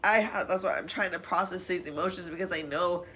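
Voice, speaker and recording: A woman's voice: lowish voice, fairly quick, a bit bright, slight background noise. A young adult woman talking candidly in a personal vlog, rambling with fillers, emotional and sometimes laughing through tears. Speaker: vlogger.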